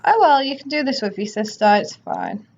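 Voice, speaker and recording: Her voice sits a little high, animated and gravelly with a darkish tone, as this woman hosts a gaming video with chatty commentary on a life-sim game. She occasionally voices characters in quick asides, and the lo-fi recording is slightly dull.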